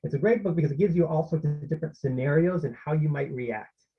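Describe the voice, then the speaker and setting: A man's voice: fairly high pitch, fast talker, husky. A man presenting a parenting workshop over a video call, in a conversational way with many fillers and restarts. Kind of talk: informal online workshop talk. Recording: slightly muffled lo-fi audio.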